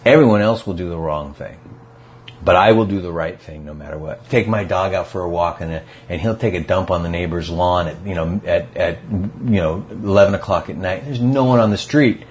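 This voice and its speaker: A man as a podcast guest, talking casually about recovery and acting out quotes in animated stories. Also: low-pitched, fairly quick, slight background noise.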